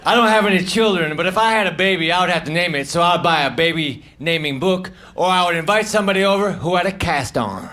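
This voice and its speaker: On a comedy stage with a handheld mic, a man with a fairly high voice delivers stand-up one-liners in a flat, deadpan, halting manner. Between jokes he mutters self-deprecating asides, and a steady layer of noise runs through this noisy live show recording.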